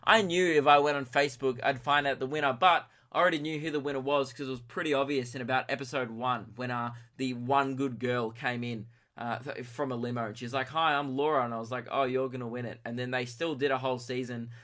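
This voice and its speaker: A young Australian man in his early twenties hosts his own podcast and talks alone. He tells a comic story in a rambling, self-mocking way that keeps tipping into excitement. His voice has a bright, forceful edge at an ordinary male pitch. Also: brisk, few pauses. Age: early 20s. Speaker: podcast host.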